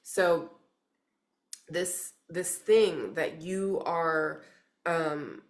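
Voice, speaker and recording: A woman's voice: low voice, very slow. A woman giving a casual spiritual reading to camera, rambling and gushing, filling her talk with "like" and "freaking" as she urges the listener on. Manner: emphatic, urging the listener. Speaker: intuitive card reader.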